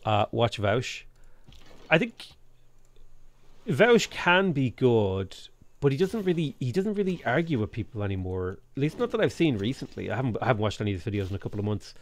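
A man's voice: mid-range voice, very animated, quick pace. A man from Ireland chatting casually on a live stream while playing a strategy game and reading chat, rambling and often repeating words as he thinks.

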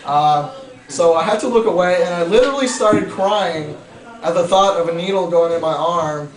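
A man tells a funny personal story in a loose, hesitant way, chuckling and filling gaps with "uh" and "like." His voice sits a bit high. He sounds some distance from the mic in a reverberant room, with a crowd murmuring around him. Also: normal speed. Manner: rambling, chuckling, hesitant with many fillers. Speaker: vlogger telling a story. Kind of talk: casual comic storytelling.

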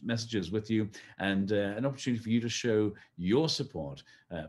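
A man hosting a live-streamed fundraising gala, friendly and chatty, talking the audience through donations with frequent fillers. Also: lowish voice. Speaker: host.

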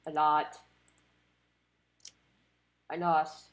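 Slow-talking excitable young woman gamer. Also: low voice, faint music behind. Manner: excitable, talks to the cards, groans and cheers at the game. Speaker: gamer playing a card game. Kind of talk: casual let's-play commentary.

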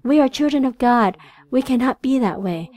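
A woman whose first language is Vietnamese, interpreting a church sermon in an earnest, halting way with frequent restarts. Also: high voice, animated, a little mellow.

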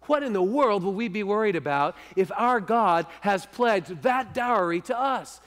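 High-voiced preacher in a ringing sanctuary. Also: male voice, animated, measured pace, in a large hall. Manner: earnest, often dropping to a hushed, intimate voice. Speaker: pastor. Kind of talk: sermon. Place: church sanctuary.

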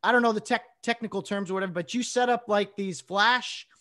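Higher-voiced man hosting a podcast. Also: fairly quick, sharp tone. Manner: hesitant, many fillers, sets up the guest's story. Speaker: podcast host. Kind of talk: casual chat.

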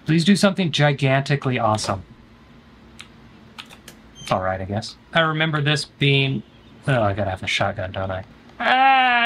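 A man giving playful gaming commentary, his voice bright and sharp as it swings up and down. He jokes and talks back to the characters on screen, excitable and quick to shout, with faint music playing underneath. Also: medium pitch. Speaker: streamer playing a horror game.

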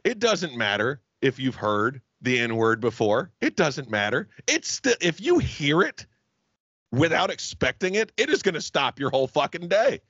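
A man co-hosting a crude comedy podcast, telling profane stories in an animated way. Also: a little high, moderate pace, breathy edge, dry recording. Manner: profane, animated storytelling with sudden loud put-on voices. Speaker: podcast co-host. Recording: dull, slightly lo-fi dry sound.

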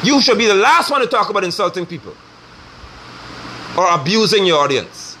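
A middle-aged man delivering a forceful, scolding sermon online, preaching hard at his listeners. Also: sits high, big pitch swings, fairly quick, a little hiss or hum.

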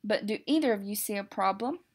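A woman voicing a formal, strict male monster teacher who lays out rules in a measured, instructive way. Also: medium pitch, breathy edge, close to an everyday voice.

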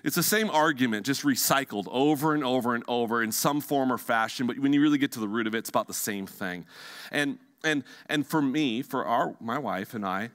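A male pastor preaching a sermon in a church, animated and emphatic at times, then dropping to hushed, quiet tones. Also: mid-range voice, brisk. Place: church sanctuary.

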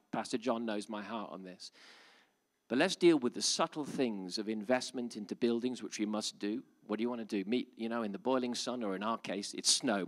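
A man preaching a live sermon to a church audience. He moves between joking asides, quiet reasoning and loud, emphatic calls. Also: mid-range voice. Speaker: pastor.

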